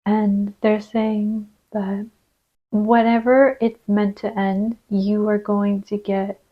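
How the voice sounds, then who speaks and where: Soft-spoken woman giving a card reading. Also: mid-range voice, little pitch movement, slow, dull audio. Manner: gentle, reassuring, drifts into soft whispers while placing cards. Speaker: tarot reader.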